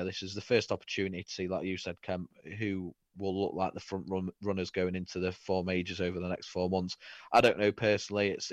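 Low guy chatting sport on a podcast, sweary and laid back, dry muffled audio. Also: dry recording. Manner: swears freely, laughs and gets excited. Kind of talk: casual sports chat.

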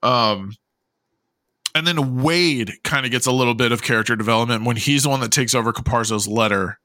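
A man's voice: mid-range voice, fairly quick, pushed and bright, no echo. A man co-hosting a casual movie podcast, blunt and emphatic, swearing freely. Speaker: podcast co-host.

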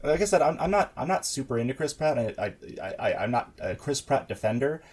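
Young guy on a podcast, um-ing and uh-ing, rambly, middling pitch. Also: big pitch swings, a little fast, a little mellow, breathy edge. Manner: rambling, many fillers and restarts. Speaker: podcast co-host. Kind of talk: casual chat.

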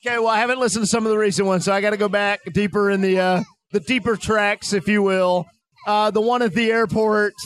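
A man's voice: high-pitched, steady tone, quick pace, fairly bright tone. A man on a podcast, chatting casually and throwing in joking asides. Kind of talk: casual chat.

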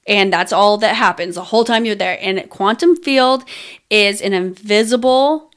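A woman's voice: mid-range voice, moderate pace. A woman hosting a podcast, telling a personal story in casual chat, candid and swearing freely with lots of fillers. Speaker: podcast host.

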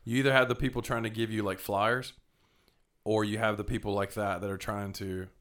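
A man's voice: fairly low pitch, little pitch movement, a little fast, a bit bright. A young man with a rambling, casual way of telling travel stories, restarting his sentences and cursing now and then. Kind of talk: casual storytelling chat.

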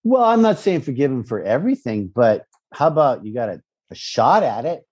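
Guy rewatching his old show, lively swearing, husky and mellow tone. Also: mid-range voice, a little fast. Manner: profane, animated, jokey. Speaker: podcast co-host, former cast member. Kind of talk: casual chat.

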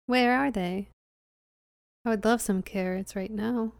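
A woman playing a tabletop game, speaking in a deliberate, playful way. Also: mid-range voice, gravelly, dry recording, studio quality. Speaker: player.

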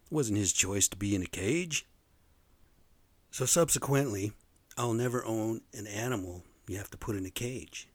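A man's voice: on the low side, normal speed, dry recording. Rambling, profane man in his fifties. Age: 50s. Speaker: storyteller. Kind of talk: casual personal storytelling.

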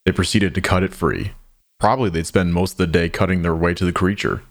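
For an audio drama, a man narrates in a low, deep voice with fairly even intonation. His reading is measured and somber, each line taken without hurry.

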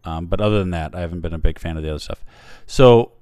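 A man's voice: low voice, quick pace, darkish tone, clear, resonant tone, no echo, studio quality. A man hosting a casual chat, rambling through a film plot with many fillers and restarts. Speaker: podcast host reviewing a film.

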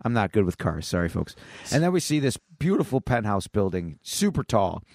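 Very animated and fairly quick, this man's fairly low, slightly mellow voice carries a casual podcast chat where he co-hosts and retells a comic plot. He rambles, using lots of fillers and restarts, and the studio-quality audio has no room sound.

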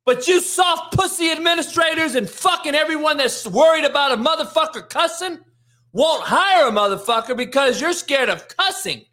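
A man hosting a daily rant show, yelling and swearing without letup. His voice sits very high for a man and comes out tense and forceful, with a sharp edge on every line. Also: animated, moderate pace. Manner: angry, yelling, heavy swearing. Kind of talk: profane sports rant.

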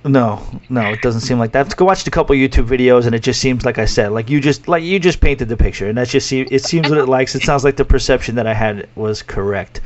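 A man's voice: mid-range voice, a little fast, hardly any pauses, dull audio, a little hiss or hum. A man with a New York accent hosting a podcast, chatting casually and self-deprecatingly with lots of restarts. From New York City, USA. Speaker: podcast host. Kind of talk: casual interview chat.

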